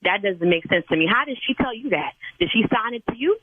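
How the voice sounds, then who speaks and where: A woman's voice: fairly high pitch, expressive, quick pace, breathy edge, no echo. An older woman who interprets sign language at church, talking on a phone call in a stern, preachy manner that turns to cursing. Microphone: telephone. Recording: tinny phone line, dry.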